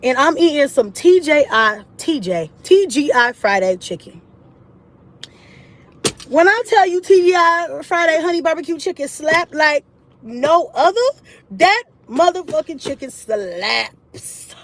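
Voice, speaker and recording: A woman telling a personal story to her camera in a casual, animated way, with frequent swearing. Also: high-pitched, measured pace, rough recording. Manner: animated and profane, with laughs.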